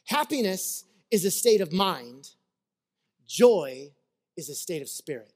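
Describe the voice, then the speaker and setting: Animated man preaching a conversational sermon. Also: high-pitched, slow. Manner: animated storyteller, acts out little scenes; conversational, checks in with listeners. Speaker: pastor.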